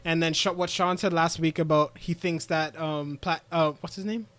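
A man co-hosting a casual podcast, retelling an anime episode with lively, acted-out dialogue. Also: on the high side, moderate pace. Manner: animated storytelling, acting out characters' lines. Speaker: podcast co-host.

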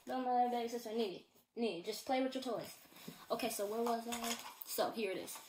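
A woman's voice: on the high side, fairly quick, noisy background. A teenage girl at home giving a casual personal testimony, earnest and rambling, with many fillers and repeats. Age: teens. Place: at home in a bedroom.

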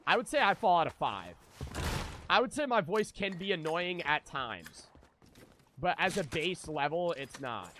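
Man, live game streamer, slightly high voice, bright tone, profane casual rambling. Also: very animated, measured pace, slight background noise. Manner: profane, rambling, talks to chat. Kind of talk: casual gameplay chatter with viewers.

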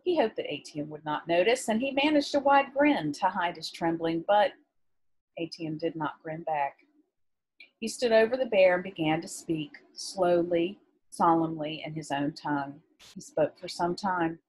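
A woman teacher reads a novel aloud to her class, in measured and expressive storybook narration. Her voice sits fairly low and sounds a little husky, and she pauses now and then for short asides to the students. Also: poor audio.

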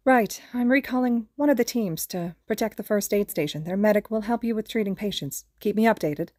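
A woman's voice: medium pitch, brisk, a little mellow, no room sound, studio quality, close to an everyday voice. A woman voicing a man coordinating a team over the radio, urgent and clipped, in a fan podfic. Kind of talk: podfic character reading.

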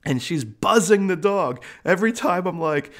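A man in middle age tells stories from his work as a psychic medium in a loose, chatty monologue. His voice sits somewhat high and swings widely in pitch, and he laughs often and slips into the voices of the people and pets in his stories. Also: moderate pace. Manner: animated, laughing, acts out quoted voices. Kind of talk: casual storytelling monologue.

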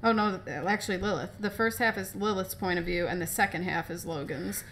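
A woman's voice: on the low side, brisk, fairly bright tone, a little hiss or hum. A woman guesting on a podcast as a comics editor, chatting in an easygoing way and laughing often. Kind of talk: casual podcast chat.

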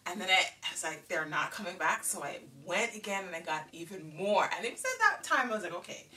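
A woman's voice: lowish voice, a little fast. A woman from Jamaica telling a childhood story in a casual vlog, acting out the dialogue and laughing as she goes. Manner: animated, laughing, acts out dialogue. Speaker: vlogger. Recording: distant mic with faint music behind.

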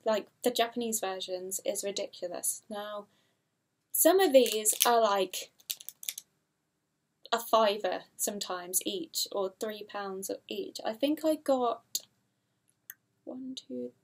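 Chatty young woman vlogging. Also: a little high. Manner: chatty, rambling, giggly, unsure of product names. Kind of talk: casual haul video.

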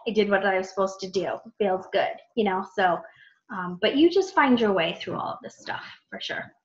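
A woman coaching new team members on a training call, chatty and animated, full of fillers and acted-out self-talk. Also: fairly high pitch. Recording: muffled lo-fi call audio.

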